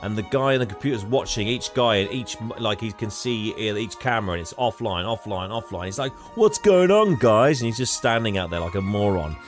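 A man's voice: on the low side, fairly even intonation, brisk, few pauses, soft background music. A man casually recapping a film plot for a podcast, rambling and laughing as he acts out quotes. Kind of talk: casual chat.

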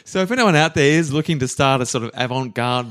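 A man's voice: medium pitch, fast talker, fairly bright tone. A man co-hosting a podcast, retelling history in a playful, rambling, jokey way. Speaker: podcast co-host. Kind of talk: casual history chat.

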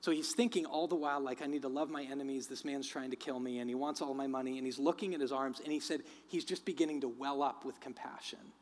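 A man preaching a sermon, telling a story with acted-out voices and then speaking quietly and earnestly. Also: medium pitch, steady tone, quick pace, few pauses. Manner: acts out quoted voices, then drops to quiet earnest reflection. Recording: long hall reverb.

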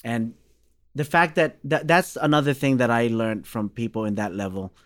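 Man, from Australia, 30s, bass player, animated storyteller, dry sound. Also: normal speed, no room sound. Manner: animated storyteller, acts out quoted dialogue. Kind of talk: casual storytelling interview.

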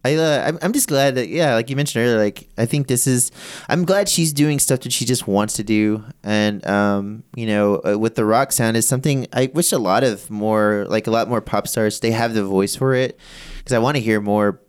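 A young man co-hosting a podcast, talking earnestly in a halting way with many restarts. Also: mid-range voice, smooth. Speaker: podcast co-host. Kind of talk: casual chat.

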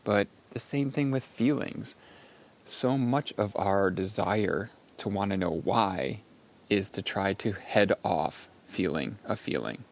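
A man hosting a podcast, talking through ideas with a client example and an everyday analogy in a slow, thoughtful monologue. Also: on the low side. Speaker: podcast host and coach.

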